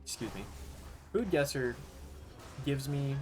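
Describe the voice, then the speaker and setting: A man's voice: medium pitch, lively intonation, slow pace, darkish tone. Man, streamer, casual gaming commentary, rambling, self-mocking, mid-range voice.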